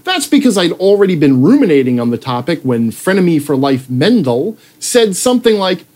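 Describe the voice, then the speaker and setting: A man's voice: on the high side, sing-song, moderate pace, hardly any pauses, darkish tone. Sarcastic man ranting through his own article. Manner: sarcastic, swearing, breaks off to joke and laugh; puts on mock voices when quoting people. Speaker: writer reading his own article aloud. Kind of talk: ranting proofread read-aloud.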